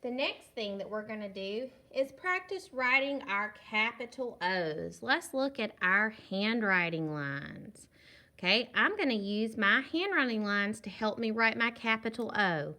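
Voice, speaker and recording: A woman's voice: a little high, expressive, sharp tone. A woman teaching young children a phonics lesson for a virtual class, patiently sounding out short words and praising them. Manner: slow, drawn-out sounding out of words. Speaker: kindergarten teacher.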